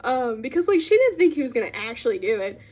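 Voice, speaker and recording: A woman's voice: on the high side, sing-song, fast, darkish tone. A young woman casually recapping a book she read, rambling with lots of fillers and giggly asides. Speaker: book vlogger.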